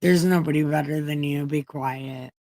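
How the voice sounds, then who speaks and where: A woman's voice: sits low, fairly even intonation, moderate pace, darkish tone, no echo, studio quality. Mary Magdalene, a clingy petulant woman, as a woman puts her on.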